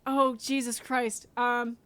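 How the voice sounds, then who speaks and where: A woman's voice: on the high side, little pitch movement, slow pace, fairly bright tone, clear, resonant tone, dry recording. A woman co-hosting a casual comedy podcast, dithering and flustered, with lots of ums. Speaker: podcast co-host.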